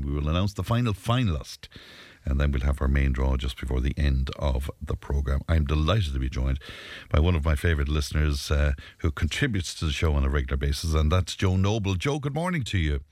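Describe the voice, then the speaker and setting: A deep-voiced Irish man hosts a local radio show, his pitch swinging widely as he chats and laughs easily. The studio sound is dry and close. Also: a little mellow, no room sound. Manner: easygoing, chatty, laughs readily. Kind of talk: local radio chat and competition. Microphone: studio microphone.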